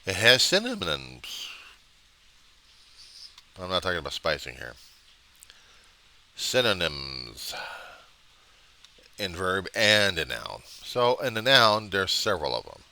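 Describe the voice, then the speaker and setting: Man muttering to himself at his computer, bright voice all over the place pitch-wise, dry webcam sound. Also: very animated, slow pace, gravelly, long pauses. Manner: muttering to himself, grumbling, rambling. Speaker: diary vlogger. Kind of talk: rambling solo video diary. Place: home desk with computer.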